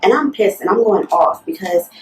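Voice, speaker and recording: A woman's voice: mid-range voice, animated, normal speed. A young woman vlogger telling a storytime in an indignant, fired-up way, full of "like". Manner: fired-up, indignant, talks with lots of "like". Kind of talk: storytime retelling. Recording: roomy echo, mic at a distance.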